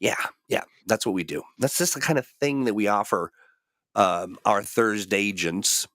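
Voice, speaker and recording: A man hosting a relaxed livestream, talking in a fairly low voice that wanders through fillers and restarts. He is getting over a cold, and the sound is close and dry, with no room around it. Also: normal speed, dry recording. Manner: rambling, full of fillers and restarts. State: recovering from a cold. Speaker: host. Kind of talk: casual livestream chat.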